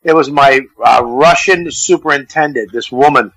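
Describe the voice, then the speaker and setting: A man's voice: medium pitch, moderate pace, no echo, poor audio. A man, a comedian guest, telling profane stories in a casual radio chat. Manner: profane, animated storyteller. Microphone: phone call-in.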